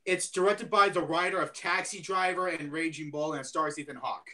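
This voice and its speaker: A man's voice: on the high side, fairly even intonation, fairly quick, bright, forceful tone. A man co-hosting a casual movie chat, eager and chatty, recorded a bit distant from the mic.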